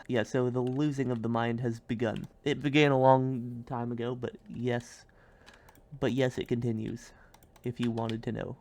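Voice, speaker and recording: A man talks through a building game in a loose, rambling way. He jumps from quiet musing to sudden goofy yelps and silly bits. Keyboard clicks and typing are heard behind him. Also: medium pitch, little pitch movement, moderate pace. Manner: goofy, rambling, bursts of silly loud outbursts. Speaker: streamer. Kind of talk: casual gameplay commentary.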